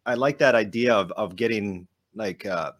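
A man hosts a podcast, chatting casually and rambling with frequent restarts. His voice is lowish and a bit bright, at a normal speed.

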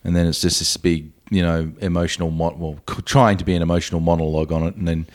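A man with a very low, deep voice recounts a film's plot in loose, rambling talk. He keeps stopping on fillers and restarts as he goes. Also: flat delivery, quick pace. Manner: meandering retelling with fillers. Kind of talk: casual film review chat.

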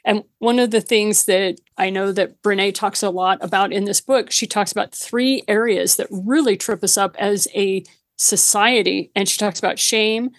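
A woman's voice: medium pitch, fairly even intonation, normal speed, dry recording, clean studio sound. A woman talking frankly and practically as a podcast guest, with a touch of self-deprecation. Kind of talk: casual podcast conversation.

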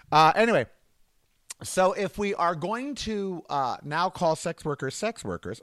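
A man's voice: high voice, very animated, normal speed, a bit bright, no echo. A man hosting his podcast in a campy, rambling comedic monologue. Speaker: podcast host.

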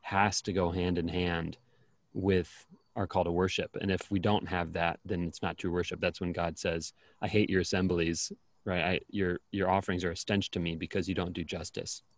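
A man's voice: low voice, moderate pace, no echo. A man hosting a casual faith podcast, talking loosely with many fillers over a video call. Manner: relaxed, rambling with fillers. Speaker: podcast host.

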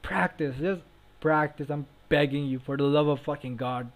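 A young man with a slightly high voice rambles through a casual podcast chat. He swears constantly and keeps breaking into laughs as he makes his point. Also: normal speed. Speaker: podcast co-host.

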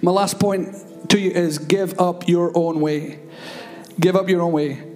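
A man with a high, light voice preaches at a church service. He tells his stories in an animated, rambling way, full of fillers and restarts. Soft music plays faintly behind him. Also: unhurried. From Scotland. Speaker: guest preacher. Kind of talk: sermon storytelling.

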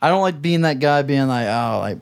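A man's voice: medium pitch, animated, fairly quick, clear, resonant tone. Chill podcast guy venting, curses a lot, says like constantly. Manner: laid-back, profane venting with filler words. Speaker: podcast host. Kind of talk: casual chat.

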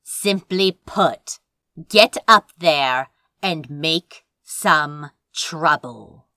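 A woman's voice: sits low, animated, very slow, sharp tone, no room sound, exaggerated voice. A woman voicing a stern, imposing female council lord who gives cold commands. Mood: commanding.

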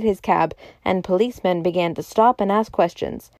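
Woman audiobook narrator, measured, mellow, dry close read. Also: on the low side, dry recording. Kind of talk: scripted narration.

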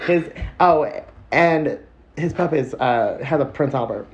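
A man's voice: a little high, lively intonation, slight background noise. Teasing young man co-host. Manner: teasing, quick interjections. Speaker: podcast co-host. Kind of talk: casual chat. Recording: crunchy lo-fi audio.

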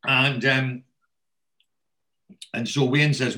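A man's voice: mid-range voice, steady tone, slow pace, long pauses, pushed and bright. A man casually retelling a TV episode, acting out the characters' lines and swearing freely.

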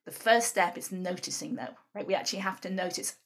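A woman's voice: lowish voice, animated, brisk. A woman guest explaining her ideas in an interview, talking earnestly and often checking in with "right?". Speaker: guest speaker on emotional tapping.

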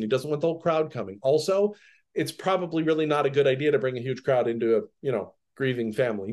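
A man teaching on a podcast, reading a Bible passage aloud and then commenting on it in a relaxed, conversational way with frequent light laughter. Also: fairly high pitch.

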